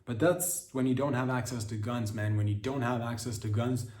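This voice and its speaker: Male comic host, mid-pitched, riffs crude bits with frequent restarts; echoey room sound. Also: fairly even intonation, moderate pace, a little mellow. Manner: crude, riffing, stumbling restarts. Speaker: podcast host. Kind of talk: rambling comedic monologue. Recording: roomy echo.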